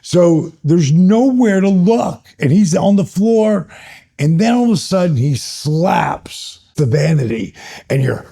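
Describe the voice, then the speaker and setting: A man in his sixties, a retired wrestler, telling stories as a guest in an interview in an animated, excitable way. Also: high-pitched, slow pace, vocal fry. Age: 60s. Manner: animated, builds stories up excitedly, laughs between phrases. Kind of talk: storytelling in an interview.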